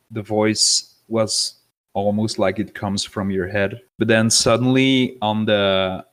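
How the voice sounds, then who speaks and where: A man describing a tabletop game scene in a halting way, with many ums and pauses. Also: fairly low pitch. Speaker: player.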